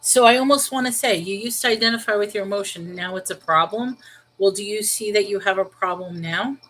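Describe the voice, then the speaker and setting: A woman with a New York accent, hosting a live stream and talking things through out loud as she answers viewer comments. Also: medium pitch, fairly quick, rough recording. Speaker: livestream host. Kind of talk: casual live-chat reply.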